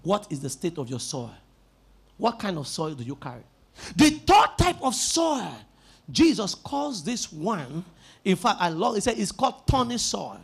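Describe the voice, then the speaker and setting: A pastor preaching a sermon in an emphatic style, repeating key words and rising into shouts. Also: male voice, high voice, sing-song, a little slow, creaky, husky.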